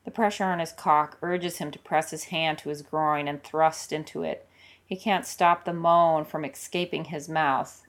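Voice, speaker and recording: A woman with a low voice reads an audio story aloud. Her delivery is calm, steady and intimate, a measured scripted narration. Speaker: audiobook reader of fan fiction.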